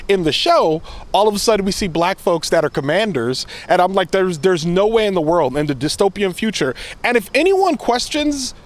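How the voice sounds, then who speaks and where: High-voiced man hosting a film chat. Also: moderate pace. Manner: candid, animated storytelling. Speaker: podcast host and film critic. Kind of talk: casual film review chat.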